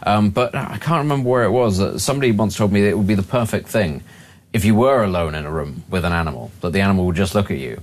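A man's voice: low voice, fast talker. A man co-hosting a casual radio chat, reflective and chuckling as he talks. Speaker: radio co-host.

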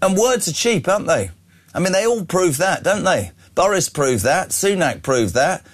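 A man's voice: high voice, normal speed, breathy edge. A man presenting opinionated news commentary, sarcastic and jokey. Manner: sarcastic, animated, jokey asides.

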